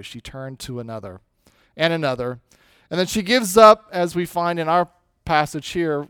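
A male pastor preaching a sermon, swinging between loud emphasis and dropping low and slow on key words. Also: clear, resonant tone, no room sound.

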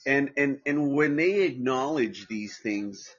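This Southern California podcast host speaks slowly at a medium pitch, his tone fairly bright and slightly rough. The casual livestream podcast chat is rambling and profane, full of restarts, and the sound is lo-fi.

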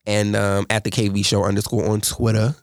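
A man hosting a casual podcast, telling animated, profane stories with loud exclamations. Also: fairly low pitch, a little fast, dry recording, studio quality. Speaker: podcast host. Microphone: studio mic.

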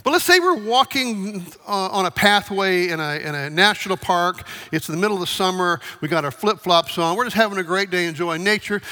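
A male preacher with a high, bright voice talks easily with his congregation and keeps asking them questions. The sound carries the long reverb of a large hall. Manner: asks the congregation questions, conversational. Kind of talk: sermon.

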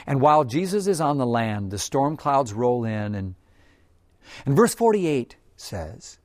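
A man preaching an earnest, gentle devotional sermon, often dropping to a soft hush. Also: mid-range voice, very animated, a little slow, no room sound, clean studio sound. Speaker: pastor.

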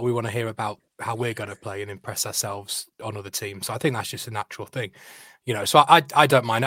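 A man's voice: medium pitch, fairly bright tone, no echo, studio quality. A man co-hosting a football podcast, stating his views firmly. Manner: firm, opinionated. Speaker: podcast co-host. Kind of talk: casual football chat.

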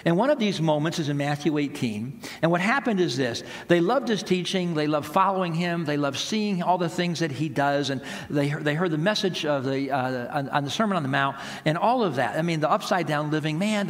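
Man, pastor, conversational sermon, storytelling, slightly high voice, echoey hall. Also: expressive, moderate pace.

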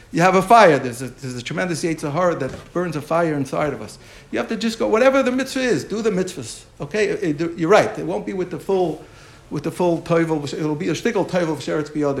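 A man's voice: on the high side, vocal fry. A man giving a Torah class lecture as the teacher, explaining through a parable and often repeating and restarting his phrases.

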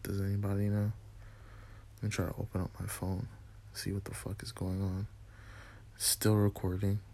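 A man hosting a casual solo podcast from a small dark room, rambling and swearing in a laid-back way. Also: low voice, monotone, normal speed, gravelly, slight background noise. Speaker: podcast host.

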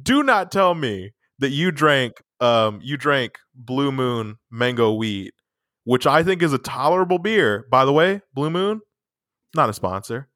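A man's voice: medium pitch, unhurried, no room sound, clean studio sound. A young man co-hosting a casual podcast, joking and laughing as he talks, raised in the countryside. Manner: animated, joking, laughs often. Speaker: podcast co-host.

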